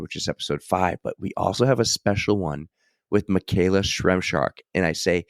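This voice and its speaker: A man hosting a casual podcast intro, hoarse and losing his voice, chatty and jokey. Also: sits low, no echo, studio quality. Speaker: podcast host.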